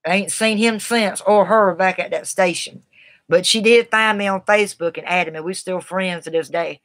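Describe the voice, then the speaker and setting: A woman's voice: fairly low pitch, normal speed, fairly bright tone, dry recording. A woman casually telling a personal story in a blunt, tough, colloquial way. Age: adult, has a daughter. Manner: blunt and tough, Southern-sounding colloquial speech.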